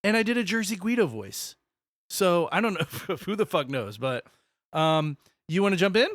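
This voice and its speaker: A man's voice: high voice, big pitch swings, moderate pace, fairly bright tone, no room sound, clean studio sound. A man raised in the American South co-hosting a podcast, rambling and swearing casually. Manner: rambling, swears, self-correcting. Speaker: podcast co-host. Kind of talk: casual chat.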